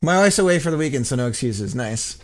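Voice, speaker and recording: Chatty, lively-voiced man. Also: mid-range voice, fast talker. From United States. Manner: rambling and chatty, laughs often, swears freely. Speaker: game dev streamer. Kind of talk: casual live-stream chat while coding.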